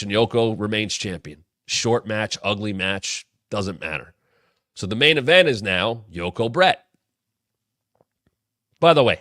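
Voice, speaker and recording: A man in his thirties with a bright, forceful voice, recapping old wrestling storylines with real enthusiasm. He talks casually and breaks into sudden energetic bursts. The sound is close and dry, with no room in it. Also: fairly low pitch, no echo. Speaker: wrestling show host. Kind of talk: casual retrospective commentary.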